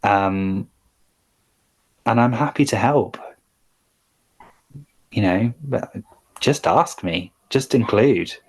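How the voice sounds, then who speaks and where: Podcast guest, male, thoughtful and reflective, lower register. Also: animated, drawn-out words, pauses often. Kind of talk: casual podcast chat.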